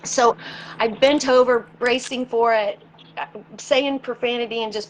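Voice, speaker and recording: A woman's voice: fairly high pitch, steady tone, a little hiss or hum, rough recording. Earnest woman recounting a personal experience. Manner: earnest, halting, repeats words as she recalls. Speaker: interview guest. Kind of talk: personal storytelling in a conversational interview.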